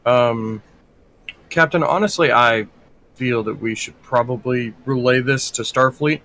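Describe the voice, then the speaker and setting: A man's voice: mid-range voice, unhurried, fairly bright tone, a little hiss or hum, rough recording. A man playing the first officer in a tabletop game, hesitating often. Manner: hesitant, lots of ums. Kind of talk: tabletop role-play.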